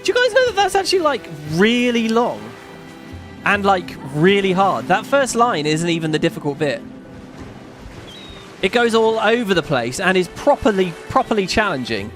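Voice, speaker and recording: A man's voice: high voice, very animated, moderate pace, a bit bright. A man giving casual let's-play commentary, chatting and musing aloud as he reads on-screen game text. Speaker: gaming YouTuber. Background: game music.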